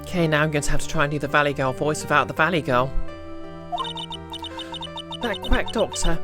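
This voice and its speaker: This is a bitter, scheming young woman from a game, as a man puts her on in a high, valley-girl lilt. She sounds spiteful and resentful. Game music plays behind her. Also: fairly quick, natural voice. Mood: gloating. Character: scheming young female ex-nurse unmasked, bitter. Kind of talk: reading game dialogue aloud on stream.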